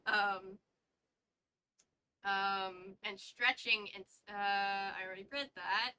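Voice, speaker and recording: A woman's voice: medium pitch, steady tone, slow, pauses often, sharp tone, clear, resonant tone, low-quality recording. A woman hosting a casual book read-along, reading aloud with stumbles and chatty asides. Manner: reads aloud with stumbles and side comments.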